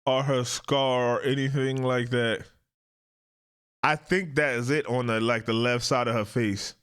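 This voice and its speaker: A man hosting casual commentary on a court video, animated and drawling, often jumping into high mocking impressions. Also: measured pace, clean tone. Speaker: host.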